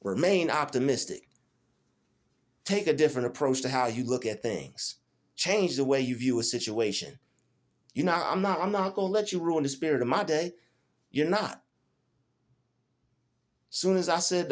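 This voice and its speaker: A man's voice: fairly high pitch, lively intonation, moderate pace, pauses often. A man, filming a defiant, preachy rant in a small room, repeating his phrases over and over. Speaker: vlogger. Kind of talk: emotional self-filmed rant. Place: small rented room indoors.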